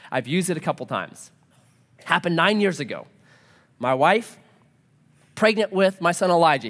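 A male pastor in his thirties delivers a sermon with an animated, swooping delivery. He drops into quick back-and-forth dialogue as he tells a story, with his pitch rising and falling all the way through.

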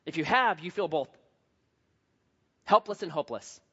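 A man pastor preaching a sermon, telling a story with lively swings from hushed to loud. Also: fairly high pitch, normal speed, slightly rough. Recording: dull lo-fi sound.

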